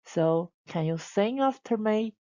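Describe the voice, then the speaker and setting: Woman teacher, very slow and patient delivery, models sounds for repetition, muffled lo-fi recording. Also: lowish voice. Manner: models sounds and asks listeners to repeat. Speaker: Chinese language teacher. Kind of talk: slow, deliberate classroom instruction.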